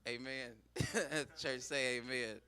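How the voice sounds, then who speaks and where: A man's voice: medium pitch, steady tone, slow, pushed and bright, clean tone, no echo. A man doing a profane stand-up riff as a comedian, with preachy mock-sermon call-outs.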